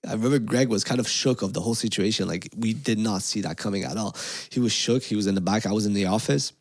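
A man, co-hosting a podcast and telling animated, profane stories in casual chat. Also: on the low side, fast talker, no echo. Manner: animated, swears a lot, acts out quotes. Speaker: podcast co-host.

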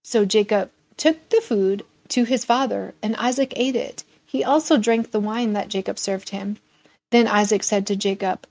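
A woman's voice: medium pitch, a little slow, darkish tone. A woman reading scripture aloud and then teaching a casual Bible lesson in an earnest, conversational way.

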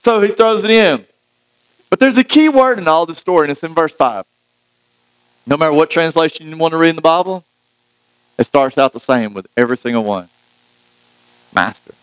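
A male pastor delivers a sermon in a loose, conversational manner, mixing Bible reading with jokes aimed at his listeners. His voice sits somewhat high for a man, and he often restarts his sentences. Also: smooth, low-quality recording. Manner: conversational, jokey asides, frequent restarts.

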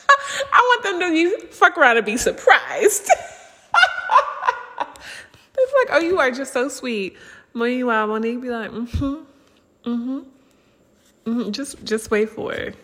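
Woman vlogger, thirties, bawdy and giggly, rather high and swinging pitch, long room echo. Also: a bit bright. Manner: bawdy, laughing, drawn-out swooning sighs. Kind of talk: casual monologue.

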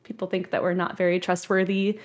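A woman playing a tabletop role-play, relaxed and explaining at length. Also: lowish voice, a little fast. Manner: relaxed, explaining, laughs often. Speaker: player.

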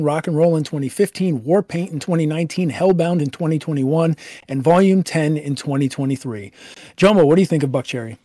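An eager male podcast host in casual album-review chat, gushing and swearing freely. His voice sits a bit high but sounds mellow. The recording is dry and close. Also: no echo.

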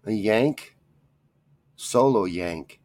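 A man's voice: on the low side, lively intonation, very slow, darkish tone, no echo. Grumbling, rambling man with a drawl. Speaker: podcast host. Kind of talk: casual solo rant.

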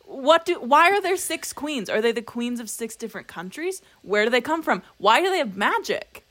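A woman's voice: fairly high pitch, sing-song, moderate pace, fairly bright tone. A young woman co-hosting a casual book podcast, chatty and questioning, with wry asides. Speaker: podcast co-host.

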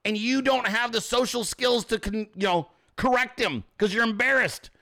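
A high-pitched, bright-toned man hosting a ranting commentary show. He swears constantly and mocks his targets with heavy sarcasm. His delivery is brash and cutting. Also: normal speed. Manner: profane, mocking, sarcastic. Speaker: host.

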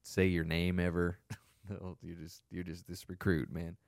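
A man in casual chat, relaxed and joking, telling stories with plenty of swearing. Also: low voice, a little slow, dry recording, clean studio sound.

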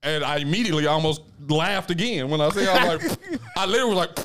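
A man, co-hosting a casual podcast chat and telling a story with loud bursts of laughter. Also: a little high, expressive, fast talker. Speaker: podcast co-host.

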